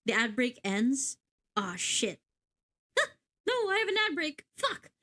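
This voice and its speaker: A woman's voice: high voice, sing-song, takes it slowly, pushed and bright. A young woman VTuber commenting casually on a game, giggling, swearing and stumbling over words in a sleepy way. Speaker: VTuber streamer.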